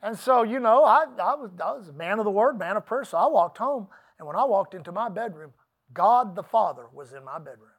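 A man's voice: high-pitched, animated, brisk, dull audio. A middle-aged man preaching a sermon, telling a personal story in a folksy, emphatic way with asides to the congregation. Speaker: pastor.

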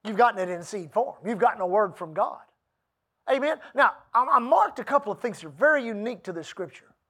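A man preaching a sermon, reading scripture slowly and calling out to the congregation for responses. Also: high-pitched, animated, bright, forceful tone. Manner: preaching with rising emphasis and call-and-response; reads scripture aloud slowly. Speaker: pastor.

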